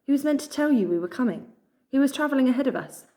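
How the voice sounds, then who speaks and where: A woman voicing an earnest young male German rat agent who pleads his case slowly in a storybook reading. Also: high-pitched, expressive, dark tone, pitched above the performer's own voice. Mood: urgent.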